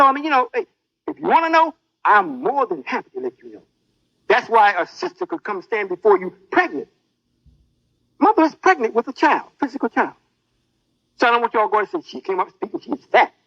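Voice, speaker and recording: A man preaching with a very high, bright voice that swings up and down. He speaks in a boastful, menacing sermon. The sound is dry and dull, like an old lo-fi tape. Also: animated, brisk, no room sound.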